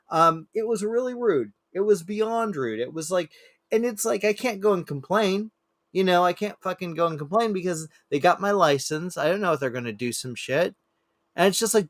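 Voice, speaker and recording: A man on a podcast telling stories in a casual chat, swearing freely, his voice climbing when he acts out shouting people. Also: normal speed, no room sound, studio quality. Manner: swearing, animated storyteller, rises high when quoting angry people. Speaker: podcast co-host.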